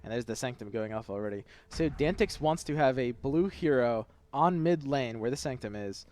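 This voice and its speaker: A man's voice: medium pitch, expressive, moderate pace, a little mellow. A man doing play-by-play esports commentary on a headset, analytical and weighing each player's options. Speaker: esports caster.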